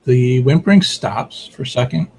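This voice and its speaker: A man's voice: medium pitch, normal speed, vocal fry, noisy background. A man running a tabletop horror game as game master, describing scenes hesitantly with many fillers.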